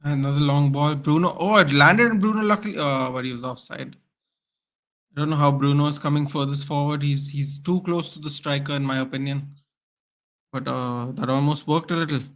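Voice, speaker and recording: A man's voice: medium pitch, flat delivery, moderate pace. A man hosting a live football watchalong, calling the play as a partisan fan and chatting with viewers. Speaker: watchalong host.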